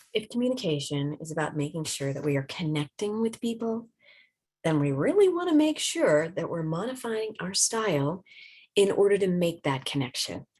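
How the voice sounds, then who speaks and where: Husky-voiced woman presenting a webinar. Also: lowish voice. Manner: conversational, explains tips with examples.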